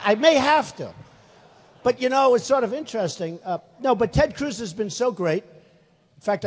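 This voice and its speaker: A man in his sixties giving a rally speech in a large hall, rambling, boastful and repetitive. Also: sits high. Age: 60s. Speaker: political candidate. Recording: long hall reverb.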